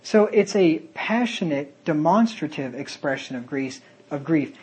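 Male preacher, sermon, earnest, slightly raised pitch, husky tone. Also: lively intonation, measured pace, a little mellow, rough recording. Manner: earnest, reads verses aloud in King James wording. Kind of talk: sermon with scripture reading.

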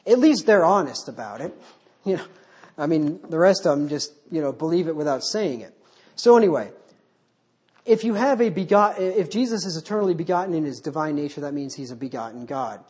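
A man's voice: on the high side, animated, brisk, darkish tone, breathy edge. A man preaching a verse-by-verse Baptist sermon without notes, reading scripture aloud and asking his listeners rhetorical questions. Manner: unscripted, poses rhetorical questions.

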